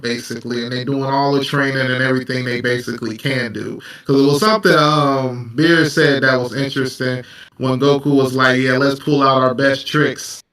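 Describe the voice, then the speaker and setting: Male host, bright and laid-back, recorded a little off-mic in an echoey room. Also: medium pitch, far from the mic. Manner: laid-back, laughing, profane. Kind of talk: casual anime discussion.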